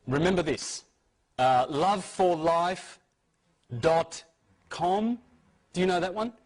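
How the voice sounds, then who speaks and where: This speaker's voice is fairly high as he lectures informally to a crowd. His delivery is emphatic and insistent, full of restarts and repeated words, captured on poor audio.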